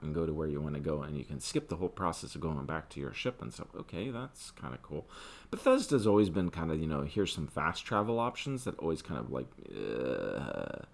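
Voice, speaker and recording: An older man with a low voice rants in a casual way at his desk. His pitch swings wildly from gruff mutters to sudden high, loud outbursts. He sounds like he is talking off the cuff into a desktop mic. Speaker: gaming commentator. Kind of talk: casual rant.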